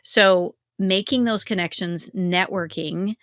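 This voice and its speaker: Lively woman telling stories in a dry close-miked sound. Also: slow pace, no room sound. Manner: animated storytelling, acts out quotes in a higher voice. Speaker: webinar co-host, business coach and podcaster. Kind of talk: casual webinar chat.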